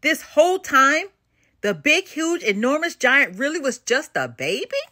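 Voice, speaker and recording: An excitable young male hero from a storybook, voiced by a woman reading aloud. He speaks in high, startled bursts, his voice bright and bouncing up and down. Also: measured pace, full character voice. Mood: astonished.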